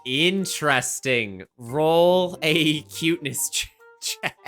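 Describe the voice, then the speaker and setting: A man's voice: a little high, slow, a bit bright, soft background music. A man narrating as the game master of a tabletop game, talking in a loose, rambling way with many restarts.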